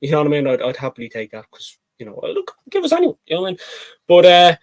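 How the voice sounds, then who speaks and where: A man co-hosting a casual football match-reaction chat, excitable and rambling, often calling his co-host mate. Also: fairly high pitch, fast, no room sound, poor audio.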